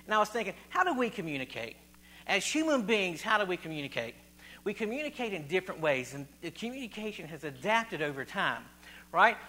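A man with a high, bright, forceful voice preaches an informal sermon, quizzing his congregation with questions he asks again and again. He is described as from Virginia, specifically West Virginia, and his manner is chatty, repetitive with phrases, and full of audience questions.

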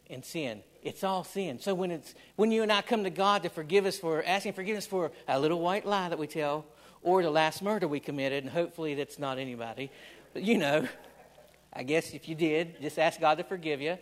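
A man preaching a sermon with fervent, repetitive phrasing, often restarting his words as he builds emphasis. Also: on the high side. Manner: impassioned, repetitive, stammers on restarts.

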